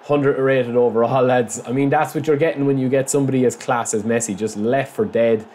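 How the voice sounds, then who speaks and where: Speaking a little fast at medium pitch, a man gives casual let's-play commentary on his football video game match, with slight hiss or hum in the audio. He's excitable, chatting to viewers and yelping or shouting when goals and big moments happen.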